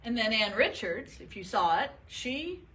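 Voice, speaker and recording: Chatty older woman with a bright voice. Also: a little high, sing-song, a little slow, poor audio. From northern United States. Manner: chatty, laughs often, self-deprecating. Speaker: retired state supreme court justice, guest speaker. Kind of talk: talk and audience Q&A.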